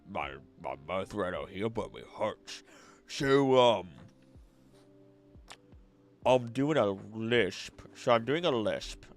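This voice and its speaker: A man, a streamer and voice actor, chatting casually and thinking aloud while he answers chat questions. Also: fairly low pitch.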